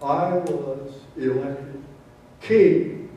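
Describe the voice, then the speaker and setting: A man's voice: fairly high pitch, drawn-out words, dark tone, dull audio, a little hiss or hum. A man doing a plainspoken old hobo. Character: easygoing older male hobo from Texas, plainspoken. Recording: roomy hall, mic from far off.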